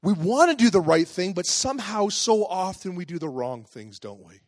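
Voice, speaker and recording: High-voiced male pastor preaching. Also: sing-song, normal speed, no echo. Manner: conversational preaching with rhetorical questions. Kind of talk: sermon.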